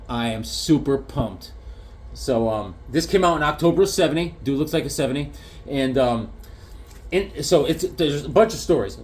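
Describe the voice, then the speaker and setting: Lively joke-telling man showing comics. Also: medium pitch. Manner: rambling joke-telling storyteller, punchlines. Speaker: comic collector vlogger. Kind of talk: casual show-and-tell with jokes.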